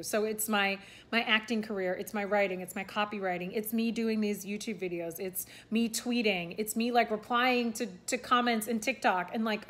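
A young woman chatting casually in a vlog, rambling with lots of fillers and restarts. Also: mid-range voice. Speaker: vlogger and aspiring content creator. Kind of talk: casual talking-head vlog.

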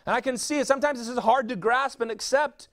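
A man's voice: very high-pitched, fast talker, fairly bright tone. A man preaching a sermon as a pastor, asking rhetorical questions and answering them himself.

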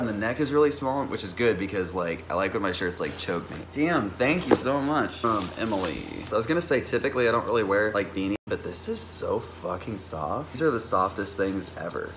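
A young man in his twenties, chatting casually and swearing a lot as he opens fan mail, jumping to high-pitched exclamations. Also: noisy background. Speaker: musician vlogger opening fan mail. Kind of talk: casual vlog.

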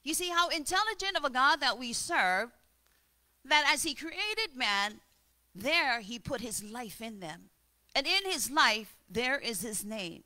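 Woman preacher, sermon, storytelling, bright, slightly high. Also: sing-song, unhurried. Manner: storytelling, demonstrative breathing.

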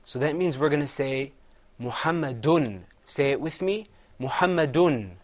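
A man's voice: on the high side, a little fast. A man teaching Quran recitation, patiently having his students repeat words after him. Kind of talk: classroom recitation lesson.

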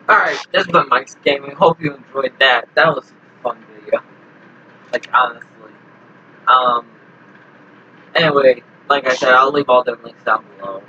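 A man's voice: mid-range voice, moderate pace, long pauses, bright, forceful tone. A man hosting a gaming video, teasing his friends and wrapping up with an outro. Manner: teasing, boastful. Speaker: channel host. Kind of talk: casual game chat and video outro. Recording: lo-fi mic with faint hiss.

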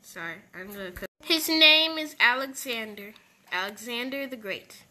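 A woman's voice: a little high, expressive, normal speed, bright, forceful tone. A woman voicing characters in a casual game roleplay, playful and switching between voices.

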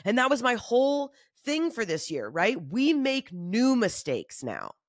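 A woman comedian talking in a casual solo monologue, animated and swearing freely, acting out other people's voices. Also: a little slow, dry recording, clean studio sound. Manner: acts out quoted voices in shifting pitch. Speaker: comedian and podcast host.

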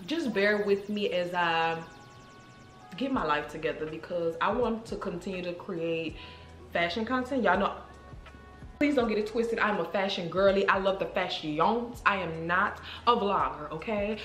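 Woman vlogger, chatty and expressive with her viewers, mid-pitched, recorded in a reverberant room. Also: normal speed. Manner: animated, emotional, addresses viewers as girl and y'all. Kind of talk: casual storytelling to viewers. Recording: roomy echo with faint music.

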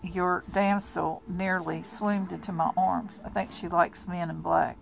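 A woman voicing a mocking vampire brother who taunts in a calm, ironic way in a storybook reading. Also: fairly low pitch, a little slow, creaky, slight background noise, poor audio.

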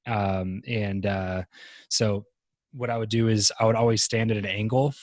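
A man talking as a podcast guest in casual interview chat, relaxed and rambling, with many fillers and restarts. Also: fairly low pitch, moderate pace, no echo.

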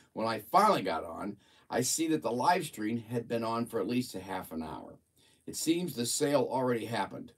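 A man hosting a relaxed livestream, his voice swinging up and down with lots of expression. He sounds a little husky and sits some distance from the mic. He chats, reads aloud with amusement, and now and then mimics voices. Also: medium pitch. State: a bit of a frog in his throat. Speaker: livestream host. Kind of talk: casual chat and reading a viewer's report aloud.

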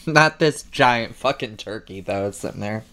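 A man's voice: lowish voice, animated, a little slow, over music. A man casually chatting and laughing while reacting to a horror film, swearing freely. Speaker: reaction channel host. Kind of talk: casual movie reaction chat.

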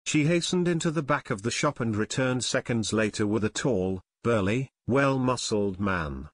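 A man narrating an audiobook in a steady, even storytelling manner. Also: mid-range voice, moderate pace, no echo. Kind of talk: scripted narration.

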